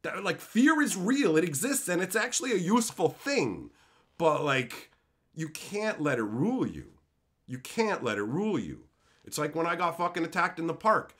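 A man with a bright, forceful voice that swings widely in pitch, sitting a bit high for a man. He rants bluntly and profanely to his live stream, reading chat comments between heated tirades. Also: big pitch swings, moderate pace. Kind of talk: casual livestream rant, reading chat.

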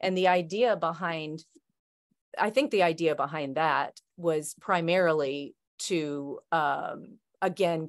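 A gravelly, low-pitched woman shares self-help tips with her circle in a thoughtful, easygoing manner. She keeps restarting what she's saying and often adds "right?".

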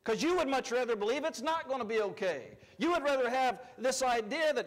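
High-voiced preaching pastor in a reverberant hall. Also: male voice, animated, fast talker, hardly any pauses. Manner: conversational preaching with sudden shifts between loud emphasis and quiet asides. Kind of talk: sermon. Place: church sanctuary.

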